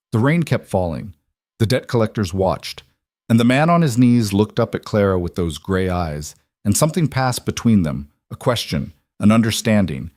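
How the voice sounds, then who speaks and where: Low-pitched male audiobook narrator, steady and dramatic, dry close sound. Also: no room sound. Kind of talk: scripted narration.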